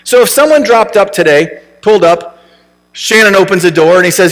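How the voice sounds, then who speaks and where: A man's voice: high-pitched, a little fast, fairly bright tone. A man preaching a conversational sermon as pastor, often checking in with rhetorical questions. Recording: long reverb from a large room.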